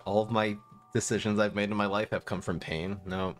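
A man commentating his live-streamed card game, excitable and laughing often as he talks to his chat. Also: fairly low pitch, fairly quick, soft background music.

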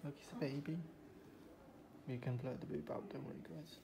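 A man's voice: mid-range voice, fairly even intonation, normal speed. A man chatting casually in a hospital room, making dry, offhand remarks. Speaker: partner, new father. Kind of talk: casual chat. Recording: distant, roomy, hissy.

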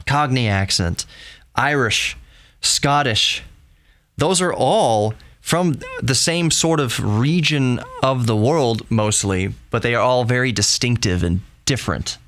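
A man's voice: mid-range voice, slow pace, a bit bright. A man hosting a podcast alone, talking casually and rambling, often restarting and correcting himself. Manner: rambling, self-correcting, chatty. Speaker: podcast host. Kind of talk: casual solo podcast talk.

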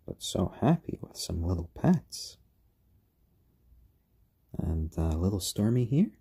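A man hosting a casual live stream, chatting gently and cooing to his pet birds. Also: fairly low pitch, husky. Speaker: stream host.

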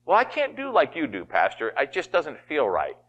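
A man's voice: on the high side, wildly swooping pitch, normal speed, a bit bright, lo-fi sound, pitched above the performer's own voice. A man, the pastor, voicing a doubtful churchgoer who complains that joy does not feel right. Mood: whiny. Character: doubting male churchgoer, whiny and unsure.

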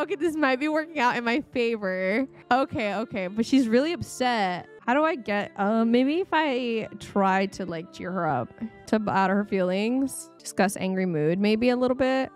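A woman hosting a gaming video, chatting casually and reacting out loud to what happens on screen. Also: a little high, animated, moderate pace, faint music behind. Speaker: gaming channel host. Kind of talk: casual let's-play commentary. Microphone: desk microphone.

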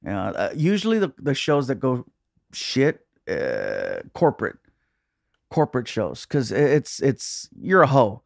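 A comedian guest talks with a middle-pitched voice. He tells chatty stories about gigs and often breaks into laughter. The mic is close and dry, with no room around it. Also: huge pitch swings, measured pace, vocal fry, no echo. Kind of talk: casual chat.

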